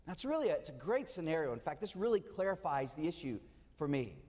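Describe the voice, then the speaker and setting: A man's voice: a little high, big pitch swings, fast talker, a little mellow, in a large hall. A male pastor giving a conversational sermon, asking his listeners rhetorical questions.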